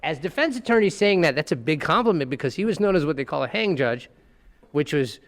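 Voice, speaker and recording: Trial lawyer, male, high-pitched speaking voice, animated storyteller who acts out scenes in relaxed podcast chat. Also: fairly quick. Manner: animated, acting out courtroom scenes.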